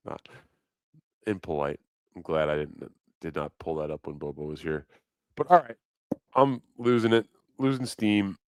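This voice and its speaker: A man's voice: sits low, clear, resonant tone, no echo. A man hosting a live stream, chatting casually in a rambling, profane, joking way. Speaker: livestream host. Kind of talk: casual livestream chat.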